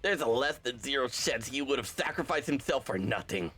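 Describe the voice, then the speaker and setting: A young man reading a game's story aloud and voicing every part, animated and quick to correct his own slips. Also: medium pitch, breathy edge, faint music behind. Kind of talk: game script readthrough, voicing all parts.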